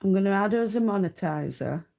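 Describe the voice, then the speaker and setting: Her voice is medium-pitched, gravelly, and darkish, with lively intonation and a fairly quick pace. She's a North Yorkshire woman with a Yorkshire accent, hosting a live stream where she laughs often while giving homely, chatty spinning tips.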